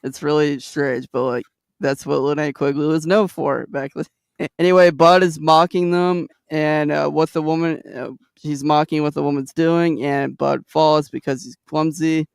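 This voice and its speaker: Gravelly, smooth-voiced man, dry close mic. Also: fairly high pitch, moderate pace, no echo. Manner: animated, laughs often, recaps scenes from notes. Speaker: podcast co-host. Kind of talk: casual chat.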